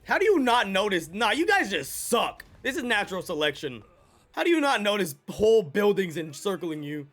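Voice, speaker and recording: A man reacting to an anime episode with hyped, slangy commentary that often breaks into shouts. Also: sits high, big pitch swings, normal speed.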